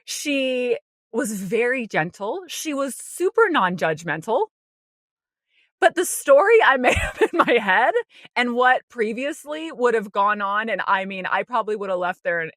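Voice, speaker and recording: A woman with a bright, forward voice shares a personal story on a podcast. She is casual and animated, often slipping into her own inner voice and laughing lightly. The sound is close and dry. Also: mid-range voice, moderate pace, dry recording. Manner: frequent light laughter and "like" fillers. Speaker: podcast co-host.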